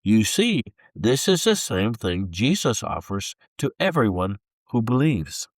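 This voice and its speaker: A man reading the quoted words of a gentle adoptive mother who shares her faith, in his own voice. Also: on the low side, sing-song, dry recording, studio quality, exaggerated voice. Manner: gentle, warm, slow when emphasising.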